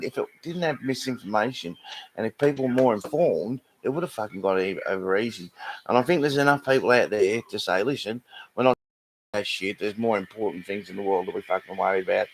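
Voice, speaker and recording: A man's voice: mid-range voice, a little hiss or hum, rough recording. An Australian man rambling through a sweary, casual rant to a live audience, full of restarts. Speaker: live streamer.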